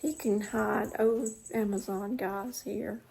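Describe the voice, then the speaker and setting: Slow, gravelly woman vlogging. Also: medium pitch, steady tone, a little mellow, poor audio. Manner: rambling, trails off, drops into whispered asides. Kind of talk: casual chat to camera. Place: at home in front of a mirror.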